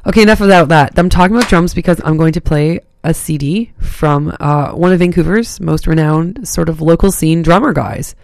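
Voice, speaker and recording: A radio DJ, hoarse today, rambling in casual on-air chat and acting out their own thoughts with a self-mocking tone. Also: mid-range voice, moderate pace, few pauses, slight background noise. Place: campus radio studio.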